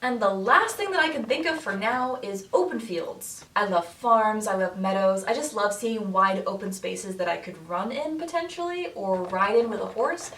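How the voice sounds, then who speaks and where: A young woman talks casually to her viewers in a friendly, chatty way and laughs often. Her voice sits at an ordinary pitch and comes from a little way off the mic. The room echoes noticeably, with a faint hiss underneath. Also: fairly bright tone, far from the mic. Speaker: makeup artist vlogger. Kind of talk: casual chat to camera.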